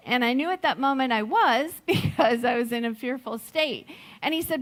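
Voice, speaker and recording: A middle-aged woman giving a sermon, slow and reflective, telling a personal story with gentle laughs. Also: a little high, expressive. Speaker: speaker at a Sunday service.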